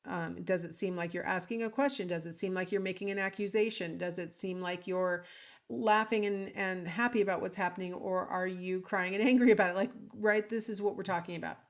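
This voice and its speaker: This instructor's voice is on the low side and steady, and she talks a little fast. Recording alone at home or in an office, she gives a conversational lecture full of ums and asides, acting out example lines in different tones.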